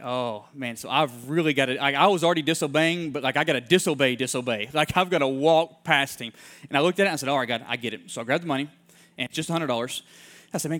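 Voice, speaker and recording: A man delivering a sermon as a rapid-fire story, his voice sitting a little high for a man. He acts out the people in his tale with lively voices and lets his voice fall to a hush when the story turns heartfelt. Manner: animated storyteller who acts out the people he quotes; drops to soft, hushed tones in heartfelt moments.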